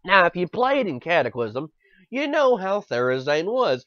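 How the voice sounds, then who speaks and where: A man's voice: high voice, sing-song, moderate pace, fairly bright tone, no room sound. A man co-hosting a podcast in a casual rant; he is exasperated, swears a lot and repeats his words. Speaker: podcast co-host. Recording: dull lo-fi podcast audio.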